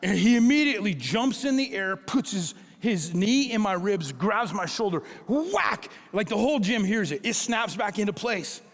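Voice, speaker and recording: A middle-aged man preaching a sermon as a pastor, telling stories in an animated way and acting out the dialogue. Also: high voice, normal speed, hardly any pauses, in a large hall.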